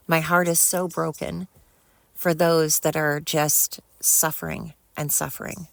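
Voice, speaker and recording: Middle-aged lady podcaster venting, heartfelt n sweary, kinda low voice, dry sound. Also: level tone, a little slow, gravelly, a bit bright, dry recording. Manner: emotional, heartfelt, swears freely. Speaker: podcast host. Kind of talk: rambling solo podcast monologue.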